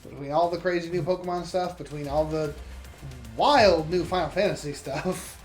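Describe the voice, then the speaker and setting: A young man chats casually while playing a co-op game, excitable and quick to laugh. His voice sits fairly high for a man. He talks like a gaming co-host hanging out with a friend. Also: soft background music. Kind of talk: casual chat during co-op gameplay.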